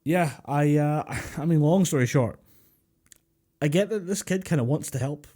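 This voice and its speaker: A man's voice: on the high side, expressive, normal speed, dark tone. A Scottish man co-hosting a podcast over a voice call, chatting casually, swearing and laughing often. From Scotland. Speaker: podcast co-host. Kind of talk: casual chat. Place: home room over a voice call. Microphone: home mic over a voice call.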